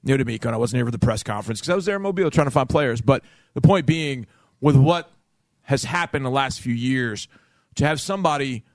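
A man co-hosting a sports radio show, telling stories in an animated way and acting out what people said. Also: medium pitch, a little fast, no echo. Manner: animated storyteller who acts out quotes. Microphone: studio microphone.

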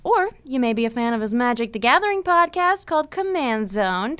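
A woman's voice: high voice, lively intonation, fairly quick, a bit bright, smooth. A young woman hosting a podcast, chatting casually and giggling often with her guest. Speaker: podcast host. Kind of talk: casual interview chat.

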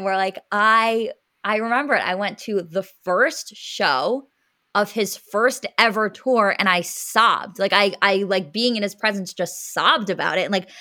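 A young woman with a bright, forceful voice chats casually on a podcast. She tells her story emotionally and rambles, full of filler words, at a middle pitch. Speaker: podcast co-host. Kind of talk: casual chat.

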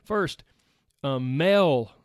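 A man's voice: on the high side, expressive, very slow, no room sound, studio quality. A man with a Southern US accent hosting his own weight loss podcast, chatty and upbeat, talking straight to his listeners. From United States. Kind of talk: solo podcast monologue.

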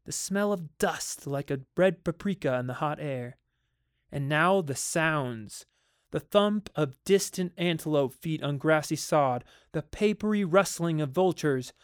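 A man reading a short story aloud in a measured, vivid storytelling manner. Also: fairly high pitch, clear, resonant tone, no room sound, studio quality.

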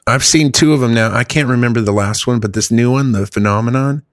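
A man's voice: medium pitch, quick pace, dry recording, clean studio sound. A man co-hosting a podcast, casual and crude, joking and swearing freely. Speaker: podcast co-host. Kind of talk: casual comedic podcast banter.

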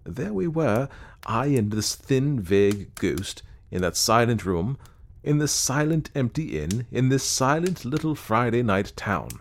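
A man narrating an old-fashioned ghost story in an expressive storytelling manner. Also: medium pitch, unhurried.

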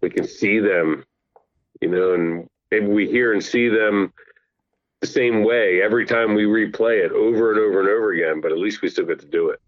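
A middle-aged man chatting as a podcast guest over the phone, telling family stories in an animated, laughing way. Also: fairly low pitch, moderate pace, no echo. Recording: dull lo-fi phone line.

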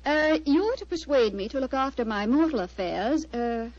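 A woman's voice: sits high, lively intonation, moderate pace, a little mellow. An actress playing a gracious, poised aristocratic lady in a vintage radio drama, lightly ironic. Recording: dull lo-fi old radio recording.

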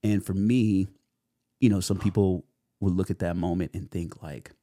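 Deep-voiced man telling his story. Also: moderate pace, no echo, clean studio sound. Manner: animated, acts out quotes with many fillers. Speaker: guest, actor. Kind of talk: casual interview storytelling.

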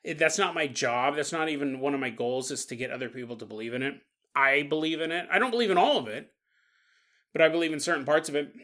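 A man's voice: a little high, quick pace, a bit bright. A man hosting a paranormal podcast, rambling through a comedic monologue, laughing often and acting out silly voices. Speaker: podcast host.

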